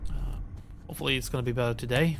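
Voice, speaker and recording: A man's voice: medium pitch, brisk, background noise. Tired man streaming a horror game. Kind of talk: let's-play commentary and reading game logs aloud.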